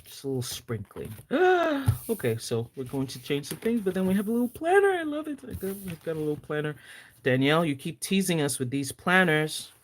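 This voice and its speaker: Excitable woman with a lively voice. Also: sits low, brisk, slight background noise. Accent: Nigerian. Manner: excitable, squeals and gasps, playful teasing. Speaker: planner vlogger. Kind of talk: casual live-stream unboxing chat.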